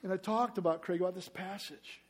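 A man preaching a sermon as pastor, emphatic, asking the congregation rhetorical questions and acting out quoted cries loudly. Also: high voice, a little fast, breathy edge.

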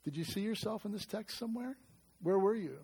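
Male pastor, high pitch, animated delivery with questions and jokes, sermon. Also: fairly quick, breathy edge. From United States.

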